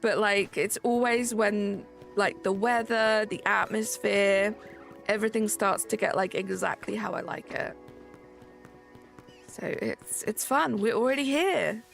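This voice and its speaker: A woman's voice: medium pitch, measured pace, creaky. A woman in her thirties hosting a gaming livestream, chatting casually and rambling with lots of fillers. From United Kingdom. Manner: relaxed, rambling, many "like" fillers. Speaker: livestream host. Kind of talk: casual chat while gaming, reading chat. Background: faint background music.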